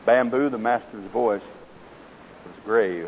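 A man with an Oklahoma accent and a fairly low, slow voice preaches a sermon in a folksy, conversational way, speaking directly to listeners before reading a parable aloud. The recording is slightly dull, with a faint hiss.

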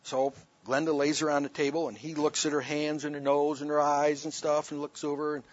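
A man's voice: on the high side, flat delivery, brisk, no room sound. A man preaching, telling a personal story in an emphatic sermon testimony, on a dull lo-fi recording.

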